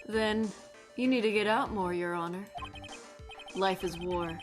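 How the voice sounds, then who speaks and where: Lady reading as a cool masked prosecutor guy, cryptic lines, slow and drawn out, game music faint behind. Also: mid-range voice, lightly acted.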